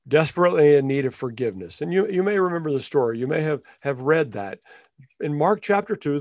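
A man preaching to his congregation in an easy, conversational way, often circling back to restart a phrase. His voice sits slightly high for a man. The sound is dry and close, with little room around it. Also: dry recording. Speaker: pastor. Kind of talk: sermon.

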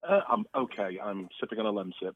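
A man's voice: lowish voice, expressive, quick pace, no room sound. A man who is a comedian guest, calling in while recovering from an illness, chatty and laughing often. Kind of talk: phone-in interview. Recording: tinny phone line.

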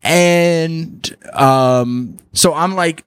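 A man in his thirties chats on a podcast with a slightly raised voice, laughing through his stories and swearing freely. He puts on quick voices for the people he quotes. The sound is dry and close. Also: a little high, lively intonation, clear, resonant tone, dry recording. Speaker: podcast co-host. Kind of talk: casual chat, storytelling. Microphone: podcast studio mic.

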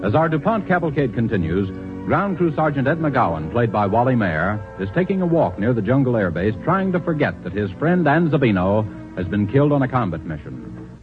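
Male radio announcer, formal scripted, declamatory, lively pitch, tinny phone-like sound, music behind. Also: fairly quick. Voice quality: crisp and declamatory.

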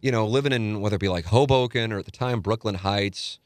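A man from South St. Louis spins a long anecdote in a relaxed interview. His voice sits on the low side, and he animates the story by acting out the lines of the people in it. The sound is close and dry, with no room echo. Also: fast. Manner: animated storyteller who acts out quotes. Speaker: sports radio co-host and guest.

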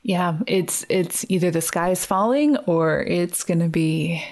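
A woman's voice: on the low side, slow pace, darkish tone. A woman hosting a podcast, asking her guest conversational follow-up questions. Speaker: podcast host. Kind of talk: interview questions.

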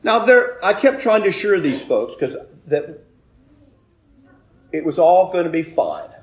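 A man preaching a sermon, telling a personal story with loud emphatic bursts and quiet asides. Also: fairly high pitch, big pitch swings, unhurried. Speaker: pastor.

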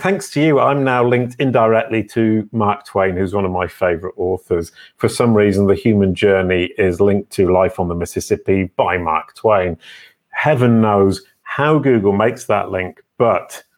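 A man hosting a casual online interview, chatty and enthusiastic with playful teasing. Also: fairly low pitch. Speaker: host.

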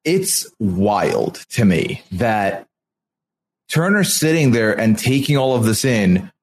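A man co-hosting a podcast, giving measured, reasoned analysis of the game in casual chat. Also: fairly low pitch, sing-song. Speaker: podcast co-host.

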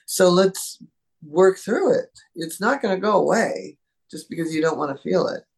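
Chatty woman guest, gravelly edge, easygoing interview talk. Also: lowish voice, expressive, normal speed. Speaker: animal communicator guest.

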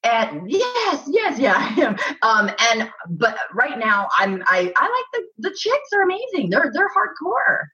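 A woman's voice: high voice, huge pitch swings, unhurried, hardly any pauses, sharp tone, slightly rough. A woman guest on an interview, chatting in a bubbly, gushing way with lots of restarts and laughter. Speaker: actress guest. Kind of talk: casual interview chat. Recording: muffled lo-fi audio.

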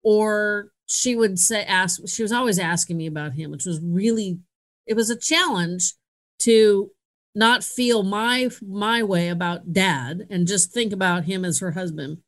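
A woman's voice: mid-range voice, a little slow. A middle-aged woman hosting a podcast, telling a story in a casual, candid and self-mocking way, laughing often. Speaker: podcast host.

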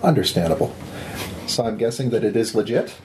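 A man's voice: lowish voice, animated, brisk, darkish tone, a little hiss or hum, natural voice. A man voicing a hired tracker who talks business in a dry, matter-of-fact way. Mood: businesslike.

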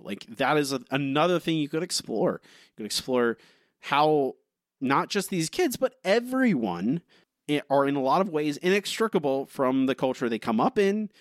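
Male podcast co-host, lively swooping pitch, bone-dry sound, rambling casual chatter. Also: dry recording. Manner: animated, rambling with many "like" fillers. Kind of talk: casual chat.

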